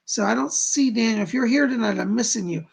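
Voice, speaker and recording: Gravelly, husky-voiced psychic stream host. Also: male voice, extremely high pitch, lively intonation, a little fast. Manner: rambling, chatty, reads out viewer comments. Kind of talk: casual live-stream chat with viewers.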